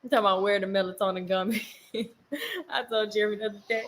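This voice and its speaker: A young woman and mother chatting casually with viewers on a livestream, animated and laughing often, breaking off to tell her toddlers off. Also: medium pitch, fast talker. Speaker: mom vlogger on a livestream.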